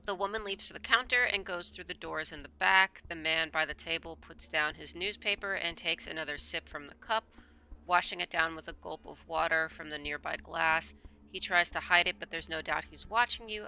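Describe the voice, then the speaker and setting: A woman's voice: low-pitched, moderate pace, vocal fry, bright, forceful tone, clean tone. A woman streamer reading a visual novel aloud, breaking off into rambling asides full of stammered repeats.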